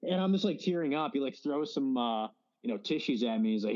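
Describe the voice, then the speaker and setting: A man's voice: medium pitch, animated, brisk, a little mellow, muffled recording. A young man in his twenties telling a rambling story on a casual podcast, full of fillers. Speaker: podcast host. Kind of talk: casual chat.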